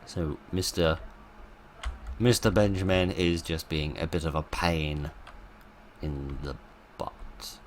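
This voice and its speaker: A man's voice: low voice, a little slow, slight background noise. A man giving casual, wry commentary while playing a game, full of sarcastic asides. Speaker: let's play host.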